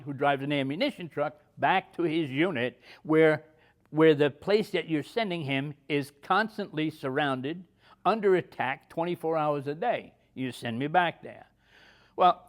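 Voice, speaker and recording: A man in his seventies recounts his days in the army. He is plain-spoken and unadorned, and his voice sits somewhat higher than most men's. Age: 70s. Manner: plain-spoken, acts out dialogue in stories. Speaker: army veteran guest. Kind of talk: personal war storytelling.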